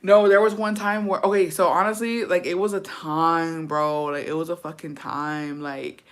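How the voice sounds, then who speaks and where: A woman's voice: deep voice, little pitch movement, moderate pace. Chatty, profane young woman storyteller. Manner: profane, chatty, mixes in Spanish words. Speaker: livestreamer. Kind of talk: casual storytelling chat.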